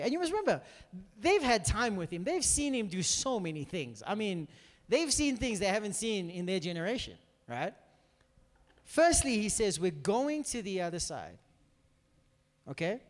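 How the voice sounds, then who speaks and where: Guy preaching in a church hall, high voice that jumps all over, acts out voices, lots of hall echo. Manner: animated, acts out quoted dialogue, asks the room questions. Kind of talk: sermon. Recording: long hall reverb.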